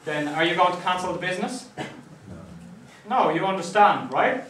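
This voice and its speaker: Male lecturer, conversational, slightly high-pitched, recorded from afar in a roomy classroom with faint hiss. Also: animated, normal speed, a bit bright. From Ireland. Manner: conversational, checks in with "right?" often. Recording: echoey classroom, mic at a distance.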